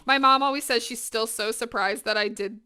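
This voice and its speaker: A woman cooking live in her kitchen, chatting with her viewers. Her voice sits a little high, bright and crisp, and she talks with lots of energy and plenty of swearing. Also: fairly quick. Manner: energetic, chatty and profane, talking to chat. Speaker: cooking streamer. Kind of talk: casual chat while cooking on stream.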